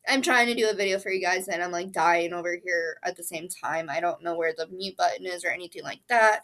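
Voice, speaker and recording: Bright-voiced sick woman chatting about books. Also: lowish voice, fairly quick, hardly any pauses. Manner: chatty, apologetic, with fillers. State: sick, coughing and sneezing. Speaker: book vlogger. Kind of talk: casual chat.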